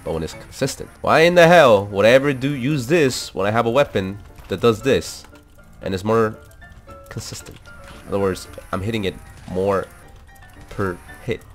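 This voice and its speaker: A young man giving casual, excitable commentary over his own gameplay, swearing, laughing and repeating himself. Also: lowish voice, moderate pace. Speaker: gaming commentator. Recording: faint background music.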